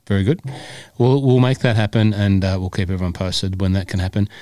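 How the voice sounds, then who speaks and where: A man hosts a casual podcast with a low voice that sounds dry and close to the mic. He jokes, rambles and laughs easily with his co-hosts. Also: fairly quick, mellow, no room sound. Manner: jokey, rambling, laughs often. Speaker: podcast host.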